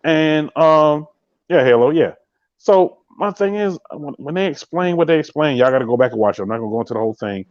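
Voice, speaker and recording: A man hosts a live podcast and talks quickly and emphatically to his viewers. His voice sits at an ordinary pitch and sounds close and dry. The sound is a little muffled and lo-fi. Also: animated, darkish tone, dry recording. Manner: emphatic, repeats catchphrases, speaks straight to viewers. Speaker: podcast host. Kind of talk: casual live-stream chat.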